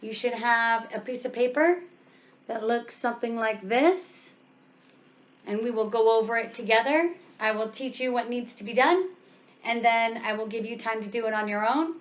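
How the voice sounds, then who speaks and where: A woman's voice: on the high side, moderate pace. A woman teaching an English grammar lesson, speaking patiently and leaning hard on the words she wants stressed. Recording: dull lo-fi sound.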